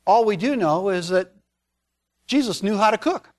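A man's voice: high-pitched, animated, moderate pace, a little mellow. A man preaching a storytelling sermon, conversational, with folksy asides.

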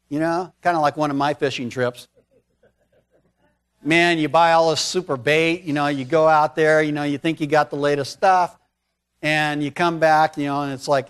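A high-voiced man retelling a scripture story from the pulpit. He talks in a conversational, folksy way, drifting into casual asides as he preaches. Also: a bit bright, clean tone. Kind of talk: storytelling sermon.

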